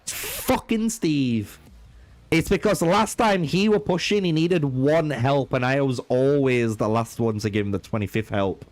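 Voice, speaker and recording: Streaming live, this young man plays a strategy game while cursing a lot and trading trolling banter with chat, flipping from rage to laughter. He speaks at medium pitch and moderate pace, slightly mellow, with no room sound.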